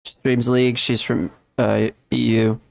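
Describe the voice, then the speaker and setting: Talking to chat while he streams a game, a man rambles on in a casual, chatty way. His voice is medium in pitch, creaky and level, with a measured pace, and there is no room sound.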